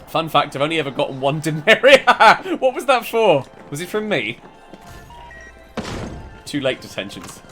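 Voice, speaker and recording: A young man chats casually while gaming, his voice high-pitched and bouncing through a wide range. He jokes and laughs a lot. Loud game music and gunfire play behind him. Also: normal speed, pauses often. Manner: joking, laughs often, animated. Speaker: streamer host.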